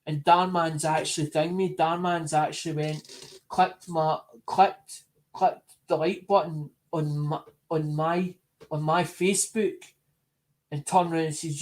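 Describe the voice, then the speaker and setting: A man with a voice pitched a touch high talks in a loose, unscripted way. He wanders from thought to thought and circles back over the same words. The delivery is casual and chatty, as if he were talking to regular viewers. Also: steady tone. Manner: rambling, repeats himself and restarts phrases; talks to supporters in an unhurried, chatty way. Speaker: coin collector vlogger. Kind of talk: casual rambling monologue.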